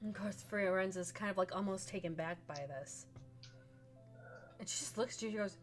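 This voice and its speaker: A woman game master narrates a tabletop roleplaying session, describing scenes for her players. She tells the story in a casual, lively way at an ordinary middle pitch, with faint music playing behind her. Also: normal speed, long pauses.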